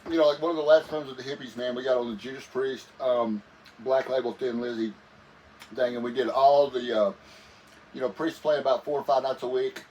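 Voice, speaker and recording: A man's voice: mid-range voice, fairly even intonation, fairly quick, darkish tone, lo-fi sound. A man guest musician telling stories casually in an interview, rambling and laid-back, often saying "man". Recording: voice a bit far from the mic with faint noise.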